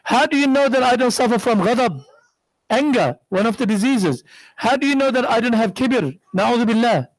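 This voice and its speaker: A middle-aged man preaches a sermon as a sheikh in an extremely high, animated voice at a moderate pace. He tells stories, acts out their characters' voices, and poses rhetorical questions. The recording has no room sound but poor audio quality.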